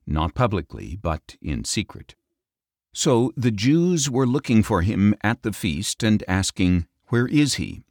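A man narrating scripture in a steady, solemn reading. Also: lowish voice, no echo, clean studio sound. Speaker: scripture reader.

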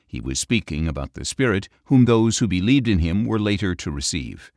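A man narrating scripture in a steady, solemn reading. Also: lowish voice, moderate pace, few pauses, dry recording, studio quality. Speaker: scripture reader.

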